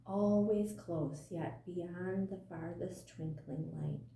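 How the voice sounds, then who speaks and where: A woman voicing a wise, calm ancient turtle in a slow, solemn storybook reading, recorded in a roomy space from a distance. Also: fairly low pitch, vocal fry. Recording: roomy, distant mic, faint noise.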